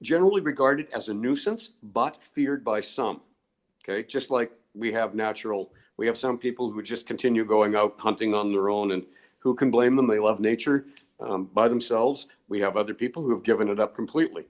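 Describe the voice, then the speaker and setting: A man's voice: fairly low pitch, a little fast. An older man, a guest researcher, telling long digressive stories in a podcast interview and chuckling often.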